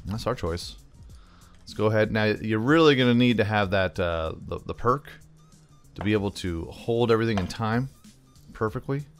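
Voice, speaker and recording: A man's voice: on the low side, moderate pace, soft background music. A man casually commentating his own cooking game as he plays, chatty and thinking aloud, calling the viewer "bro". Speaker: gaming channel host. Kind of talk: casual let's-play commentary.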